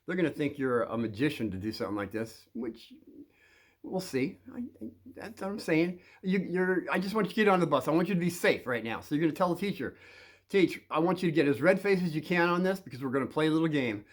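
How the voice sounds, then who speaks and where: A man's voice: fairly high pitch, expressive, quick pace. A man talking to the camera and giving casual advice, rambling with many fillers and restarts. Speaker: advice vlogger.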